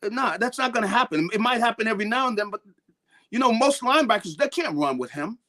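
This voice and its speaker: A man's voice: high-pitched, lively intonation, fast talker, pushed and bright. A man talking football as a guest on a sports show, in a rambling way with lots of repeated words and restarts. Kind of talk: sports talk interview.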